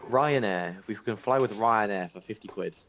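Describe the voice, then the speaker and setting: A man on a call reads viewer chat messages aloud, keeping the conversation casual and full of jokes. He has a fairly low, fairly bright voice and a moderate pace, against a noisy background.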